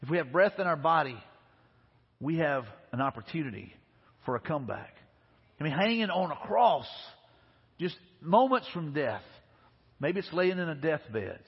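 A man preaches in a husky, somewhat high voice, earnest and conversational, often repeating his key lines. His sermon is recorded in a large hall with long reverb. The sound is muffled and lo-fi. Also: sing-song, moderate pace, long pauses. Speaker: pastor. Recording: dull, echoey hall recording.

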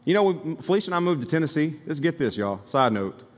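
A man's voice: fairly high pitch, big pitch swings, fast. A man from Alabama preaching a sermon as pastor, in a conversational, emphatic style with asides to the congregation. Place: church sanctuary. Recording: long hall reverb from the sanctuary.

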